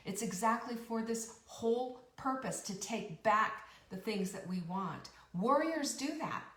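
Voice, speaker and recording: A woman's voice: on the high side, lively intonation, a little slow, fairly bright tone, reverberant, recorded from a distance. A woman host giving a rousing motivational talk, emphatic and repeating her key phrases. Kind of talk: motivational live-stream talk.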